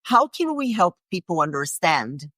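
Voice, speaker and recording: A woman's voice: on the low side, very animated, unhurried, a bit bright, dry recording. A woman hosting a fitness podcast, talking with a guest in an earnest, candid way. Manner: earnest, candid, occasional swearing. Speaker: podcast host. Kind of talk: conversational interview.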